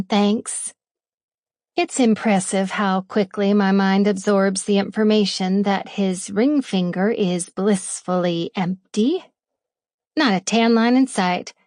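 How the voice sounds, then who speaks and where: Slow, playful woman reading a romance. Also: medium pitch, a little mellow, no echo, clean studio sound. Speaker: audiobook narrator. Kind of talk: first-person romance audiobook narration.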